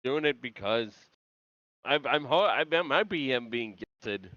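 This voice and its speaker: A man's voice: medium pitch, expressive, a little slow, bright, forceful tone, dry recording, lo-fi sound. A man co-hosting a podcast, chiming in on a TV recap with quips and laughter. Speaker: podcast co-host. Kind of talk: casual TV episode recap.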